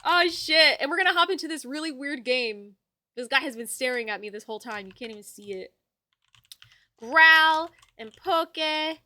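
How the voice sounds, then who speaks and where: A young woman hosting a livestream, bubbly and hyped as she greets viewers and reads out their messages. Her voice sits a little high and sounds bright and forceful. The recording is close and dry, with no room around her. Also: fast, dry recording. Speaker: livestream host. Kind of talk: casual livestream chat.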